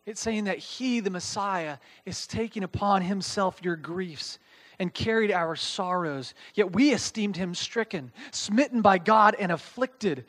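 This pastor, whose speaking voice is notably high, gives a casual, animated, conversational sermon. After reading scripture aloud, he breaks it down in everyday language, often pausing to ask listeners "okay?".

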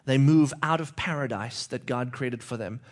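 A man's voice: medium pitch, moderate pace. A male preacher giving a conversational sermon, often checking in with his listeners with "okay?".

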